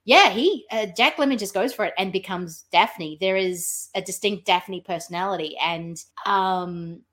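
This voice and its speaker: A woman's voice: mid-range voice, a little slow, fairly bright tone. Rambling woman thinking aloud on a podcast. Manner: rambling, thinks aloud with many ums, acts out quotes. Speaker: podcast guest. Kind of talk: casual film review chat.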